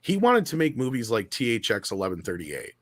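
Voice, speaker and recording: A man hosting a casual podcast discussion, telling stories in an animated way and swearing freely. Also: mid-range voice, fairly quick. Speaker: show host.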